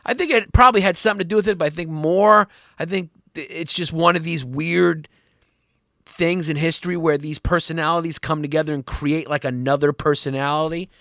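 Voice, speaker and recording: A man hosting a comedy history podcast, rambling and profane, swinging up and down in pitch as he talks. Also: fairly even intonation, fairly quick, fairly bright tone, no echo, studio quality. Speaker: podcast host.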